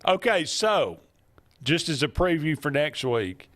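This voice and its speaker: A man hosting a casual sports talk radio show, bantering with a co-host and often pausing on fillers. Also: a little high, sing-song, fairly bright tone.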